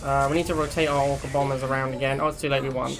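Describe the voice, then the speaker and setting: A man's voice: mid-range voice, little pitch movement, rapid-fire, gravelly. A young man casually commentating a strategy game match, chatty and laughing at his own jokes. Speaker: gaming channel host. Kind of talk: live gameplay commentary.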